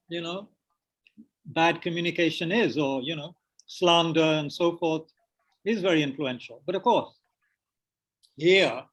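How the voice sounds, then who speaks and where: This meditation teacher, with a fairly high pitch, leads a dharma class at his centre and answers questions through a mouthful of biscuits. He hesitates, restarts, and leans on fillers, and the recording quality is low.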